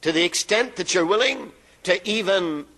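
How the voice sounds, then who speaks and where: A man's voice: high-pitched, lively intonation, sharp tone, poor audio. A man preaching a sermon in an emphatic way, drawing out phrases and letting them fall at the ends. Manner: emphatic, drawn-out phrases with falling endings.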